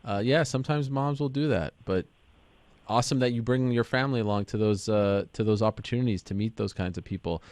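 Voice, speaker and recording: A man's voice: on the low side, fairly quick, no room sound. Eager male interview host. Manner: excitable, asks eager follow-up questions. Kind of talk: casual interview.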